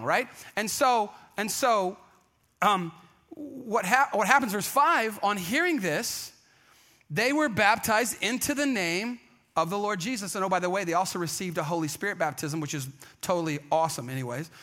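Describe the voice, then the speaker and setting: A man preaching a sermon in a conversational, energetic storytelling way, often acting out the people he quotes. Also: high-pitched. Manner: conversational, acts out quoted voices. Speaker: pastor.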